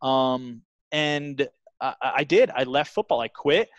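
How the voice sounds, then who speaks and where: A man's voice: mid-range voice, animated, unhurried, no room sound, muffled recording. A man in his thirties from New Jersey, a guest telling his story earnestly in a casual interview, with lots of fillers and restarts.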